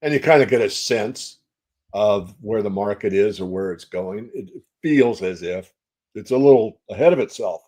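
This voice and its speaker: Older man, low-voiced market analyst. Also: expressive, darkish tone. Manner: measured, folksy, repeats phrases for emphasis. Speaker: silver market analyst guest. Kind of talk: interview answers.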